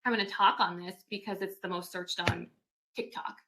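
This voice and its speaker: A woman's voice: fairly low pitch, fairly even intonation, moderate pace, noisy background. A woman co-hosting a podcast who chats in an upbeat way and laughs often. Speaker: podcast co-host. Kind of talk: casual podcast conversation.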